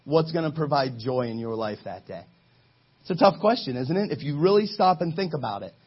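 Male preacher, relaxed and joking storyteller, slightly raised pitch, muffled lo-fi sound. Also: fairly quick, breathy edge. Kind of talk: casual sermon to a live group.

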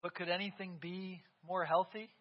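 Pastor, man, 30s, high voice, casual back-and-forth sermon delivery, dull lo-fi church recording. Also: flat delivery, moderate pace. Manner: conversational, keeps asking "right?". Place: church sanctuary.

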